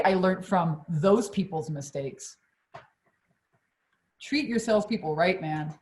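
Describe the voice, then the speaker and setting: Animated, blunt woman coach telling a story. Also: on the low side, takes it slowly, long pauses. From Quebec, Canada. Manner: animated and blunt, swears freely. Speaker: business coach hosting a live stream. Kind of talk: storytelling on a live stream.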